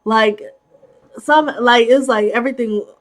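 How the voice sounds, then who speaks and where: A young woman with a high voice chatters through a movie recap. She peppers every sentence with "like" and keeps bursting out in disbelief at the characters. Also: measured pace. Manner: chatty, heavy use of "like", exclaims in disbelief. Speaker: movie commentator. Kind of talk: casual plot recap commentary.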